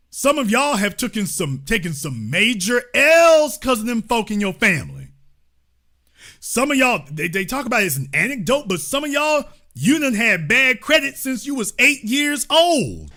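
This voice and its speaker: A man's voice: extremely high pitch, very animated, normal speed, pushed and bright. A man hosting a profane, comedic political rant, often acting out the voices of the people he quotes. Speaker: political commentary host.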